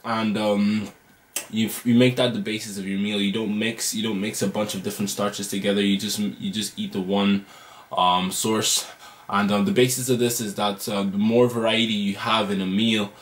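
A vlogger with a lowish, level voice talks casually to the camera at normal speed, often hesitating with ums and restarts. Later he films in his home kitchen, which sounds roomy, with guitar music playing behind him.

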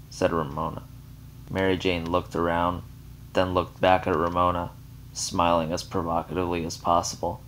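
A man narrating a short story in a measured, unhurried reading. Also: low-pitched, little pitch movement, a bit bright.

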